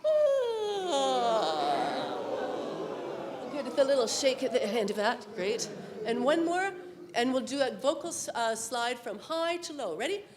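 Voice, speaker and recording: A woman leading a congregation through playful vocal warm-ups, with encouraging cues and sung exercises. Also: on the high side, lively intonation, normal speed, noisy background. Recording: echoey hall with loud instrument.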